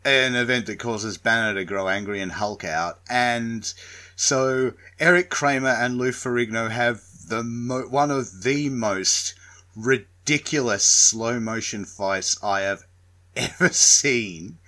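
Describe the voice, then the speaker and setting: A man co-hosting a podcast in casual chat, swearing freely with animated asides. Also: mid-range voice, slow pace. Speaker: podcast co-host.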